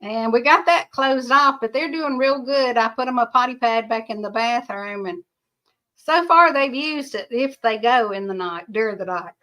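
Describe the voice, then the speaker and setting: A woman's voice: on the high side, moderate pace, pushed and bright. An older woman, hosting a rambling livestream, chatting casually and answering viewer comments in a folksy way. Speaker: livestream host.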